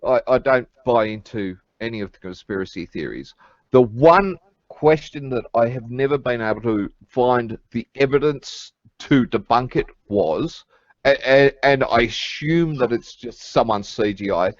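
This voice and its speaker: An Australian man, a bit drunk and slurring, chatting casually in an online group call with a halting, rambling manner. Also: mid-range voice, lively intonation, no room sound, muffled recording. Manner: rambling, halting, laughs at own jokes. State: tipsy, slightly slurring.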